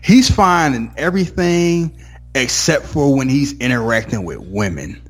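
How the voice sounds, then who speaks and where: A man's voice: medium pitch, animated, unhurried. A man co-hosting a casual talk podcast, telling stories in a laid-back way and slipping into impressions of others. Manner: laid-back storytelling, drifts into mimicking others. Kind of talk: casual chat.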